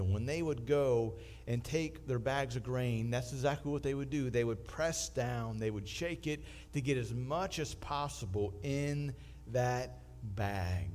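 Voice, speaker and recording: A pastor, preaching a sermon in a conversational manner with emphatic swells. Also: male voice, mid-range voice, a little slow, darkish tone, slight background noise.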